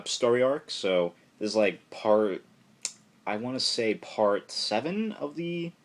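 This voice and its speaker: A young man talks through a comic issue in a loose, rambling way. His voice sits a bit low, and he keeps slipping into quick impressions of the characters. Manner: rambling, lots of fillers, acts out characters' lines. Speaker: comic book reviewer. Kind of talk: casual solo review.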